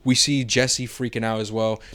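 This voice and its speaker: A podcast co-host with a medium-pitched, fairly bright voice talks through a movie in a spoiler review, at normal speed and in a level tone. He's casual and animated, laughing often and acting out quotes, with slight background noise.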